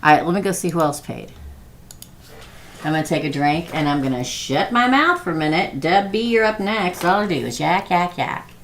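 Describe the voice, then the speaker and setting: Low gravelly-voiced woman reading tarot. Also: lively intonation, normal speed, a little hiss or hum. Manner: chatty, laughs often, talks to viewers by name. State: prone to losing her voice. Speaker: tarot reader. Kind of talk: live-stream tarot reading.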